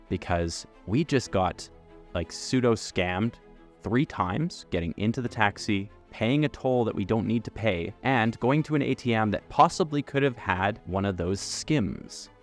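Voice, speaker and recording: A man with a very low, deep voice tells a travel story to camera. He narrates in an animated way and acts out the lines of the people in it. Faint music sits under his voice. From Canada. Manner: animated, acts out quoted dialogue. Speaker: travel vlogger.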